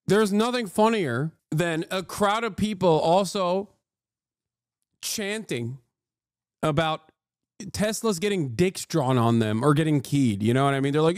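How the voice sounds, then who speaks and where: A man's voice: a little high, measured pace, clear, resonant tone, no room sound, clean studio sound. A male streamer giving live reaction commentary in a profane, sarcastic, ranting manner. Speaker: streamer, host.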